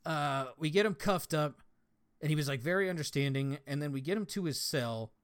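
A man's voice: a little high, brisk, clean tone. A young man from Colorado telling stories in casual podcast chat, swearing freely and laughing as he talks. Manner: profane, laughing storyteller. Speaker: podcast guest, former prison guard.

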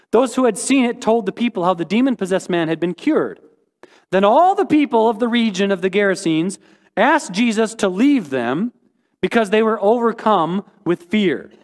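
High-voiced guy pastor preaching, jokey and lively, big echoey church hall. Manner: animated and joking, with sudden high-pitched exclamations. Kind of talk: sermon.

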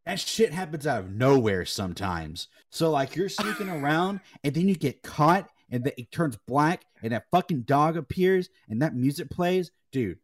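A young man co-hosting a casual gaming chat, telling animated stories and swearing freely. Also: a little high, moderate pace, few pauses. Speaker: podcast co-host.

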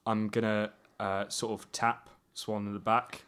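Low-voiced jokey man playing a game. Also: flat delivery, measured pace, fairly bright tone, clean tone. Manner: rambling, jokey, many ums. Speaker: player. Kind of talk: casual tabletop game chat.

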